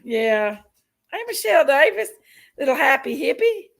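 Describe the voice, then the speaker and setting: Gravelly high-voiced woman livestreaming. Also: very animated, normal speed, rough recording. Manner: chatty, folksy, greets viewers by name. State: unwell with an upset stomach. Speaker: livestream host. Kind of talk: casual livestream chat greeting viewers.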